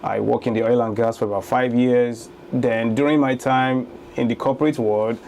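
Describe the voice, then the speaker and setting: A man's voice: mid-range voice, steady tone, normal speed, creaky, a little mellow, a little hiss or hum. A man in his thirties from Lagos with a Nigerian accent, a guest telling his story in a casual interview and laughing easily. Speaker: guest, real estate investor.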